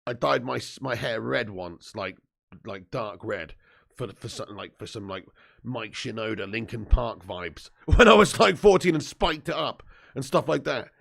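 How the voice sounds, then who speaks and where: A man's voice: mid-range voice, normal speed, gravelly, a bit bright. A man, just woken up and hosting a sweary, jokey live football watch-along, reading out viewer comments. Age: 30s. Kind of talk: casual live-stream chat and match commentary.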